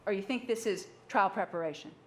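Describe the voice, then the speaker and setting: In a courtroom, a woman prosecutor delivers her closing argument to the jury at medium pitch and a fairly quick pace. She is emphatic and keeps posing rhetorical questions. The room is echoey, with faint noise in the background.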